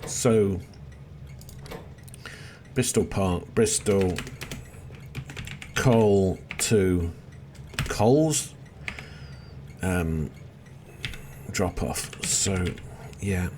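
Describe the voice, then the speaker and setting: A man's voice: deep voice, drawn-out words, pauses often, darkish tone. A middle-aged man giving chatty, self-deprecating gameplay commentary, often muttering to himself as he plays. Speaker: let's play host. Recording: noisy background with seagulls.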